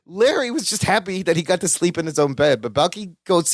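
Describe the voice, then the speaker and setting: A man's voice: high voice, animated, brisk, no room sound, clean studio sound. A man co-hosting a podcast, playfully recapping a sitcom episode and laughing often. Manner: playful, laughs often while retelling scenes. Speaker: podcast co-host.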